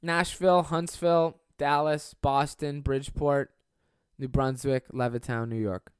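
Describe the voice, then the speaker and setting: A man's voice: mid-range voice, fairly even intonation, a little slow, clean tone, no echo, studio quality. A man in his twenties hosting a podcast, talking in a rambling, profane, self-deprecating way as a stand-up comedian. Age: 20s. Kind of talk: casual solo podcast monologue.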